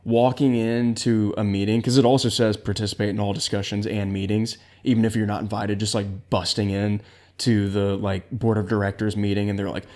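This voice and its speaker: A man's voice: fairly low pitch, flat delivery, fairly quick, a little mellow. A young man hosting a commentary video, reacting to posts in a sarcastic, incredulous way. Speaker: commentary host.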